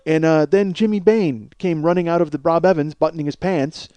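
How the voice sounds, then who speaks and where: A man's voice: a little high, brisk, dark tone, smooth, no room sound. A man hosting a podcast, telling a long story in a rambling, profane, casual way. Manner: rambling and profane, with lots of filler. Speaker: podcast host. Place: home studio at night.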